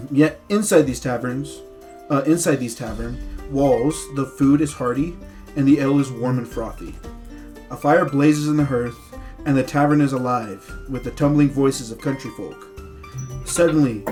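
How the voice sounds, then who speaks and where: A man's voice: medium pitch, darkish tone. A young man narrating a tabletop game as game master, reading scene text with small stumbles.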